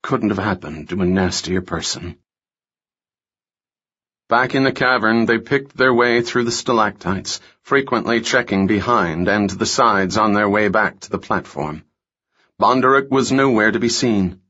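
A man narrating a thriller audiobook in a measured, unhurried reading. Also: on the low side, sharp tone, highs cut off. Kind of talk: scripted narration.

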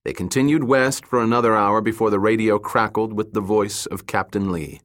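A man narrating a thriller audiobook in an even, measured reading. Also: lowish voice. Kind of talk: scripted narration.

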